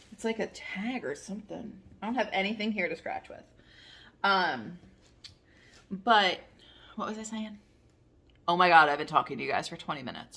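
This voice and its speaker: A woman's voice: medium pitch, vocal fry, bright, forceful tone, slight background noise. A woman in her thirties chatting casually to her camera in a rambling, candid way, with the odd curse. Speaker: vlogger.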